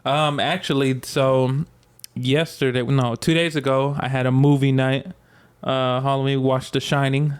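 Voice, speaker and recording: A man co-hosting a casual podcast, with a voice of middling pitch. He laughs often and rambles through loose, filler-heavy stories. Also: little pitch movement, unhurried, smooth. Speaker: podcast co-host. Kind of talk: casual chat.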